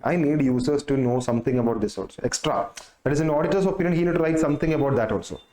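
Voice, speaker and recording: A man's voice: a little high, mellow. Echoey man teaching. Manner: repetitive, explains step by step with many fillers. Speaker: exam-prep teacher. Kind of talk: casual recorded lecture. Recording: roomy echo.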